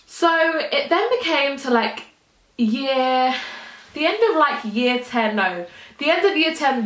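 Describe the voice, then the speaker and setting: A woman's voice: mid-range voice, a bit bright, reverberant. A young woman with a London accent, talking earnestly and openly to camera in a casual vlog. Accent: London English. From England. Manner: earnest, emotional, chatty, lots of "like". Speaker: YouTuber.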